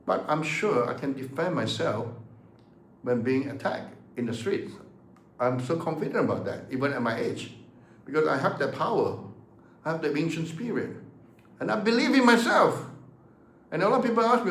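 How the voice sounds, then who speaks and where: A man's voice: a little high, animated, normal speed, long pauses, a bit bright, a little hiss or hum. Emphatic man in his seventies, echoey room. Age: 70s. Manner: emphatic, rhetorical questions, repeats words. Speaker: martial arts teacher. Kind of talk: passionate talk to camera.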